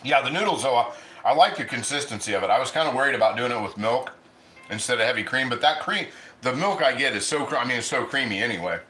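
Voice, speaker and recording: Bright-voiced man chatting with his mouth full. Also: mid-range voice, lively intonation, fast talker, echoey room. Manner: chatty, rambling, eats while talking. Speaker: livestream cooking host. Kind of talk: casual livestream chat.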